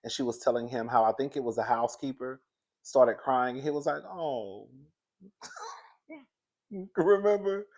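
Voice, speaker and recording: A man talks through a reality-show recap in a loose, gossipy way. His voice sits at a middle pitch, and he laughs often and keeps calling his listeners "girl.". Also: fairly quick. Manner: chatty, gossipy and animated, laughs often, says "girl" a lot. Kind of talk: casual chat.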